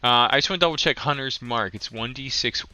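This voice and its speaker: A man acting as game master in a casual tabletop session, talking in a relaxed, hesitant way with many ums and uhs. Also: mid-range voice, brisk, faint music behind.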